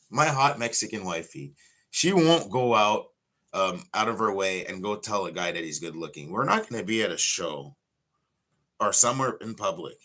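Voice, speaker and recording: Man, low-pitched, forceful, profane rant. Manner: profane, blunt storytelling. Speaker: pro wrestler. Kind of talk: casual livestream rant.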